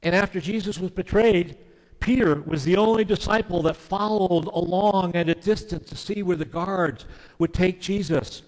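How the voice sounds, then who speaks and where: A male preacher delivers an earnest, emphatic sermon in a fairly high voice, now and then dropping to a hushed tone. His words carry a long reverb, as in a large hall. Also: normal speed. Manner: earnest and emphatic, with sudden soft drops. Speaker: pastor.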